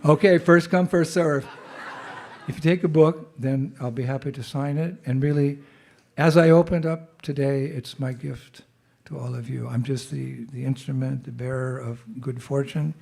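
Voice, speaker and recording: A man with a cold speaks at a medium pitch in a steady tone and at normal speed, his voice creaky and darkish. As a visiting monk, he tells a chatty story to a temple gathering in an informal talk, laughing and calling out jai responses as he leads call-and-response cheers, pausing to clear his throat.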